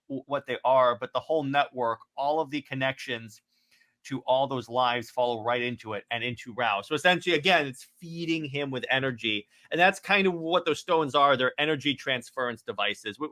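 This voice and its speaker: A man co-hosts a casual comic book podcast in a mid-range, bright, forceful voice. He rambles and restarts often while reading out panel dialogue.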